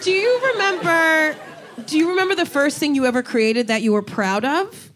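A woman's voice: high voice, normal speed, a bit bright, some chatter behind. Brash, teasing woman host. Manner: brash, teasing, swears freely. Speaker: talk show host. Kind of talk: casual chat.

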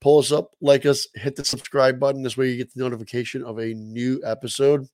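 Mid-pitched man reading a dry outro. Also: flat delivery, a little fast, a little mellow, dry recording. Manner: upbeat, promotional. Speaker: podcast co-host. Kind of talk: show outro announcement.

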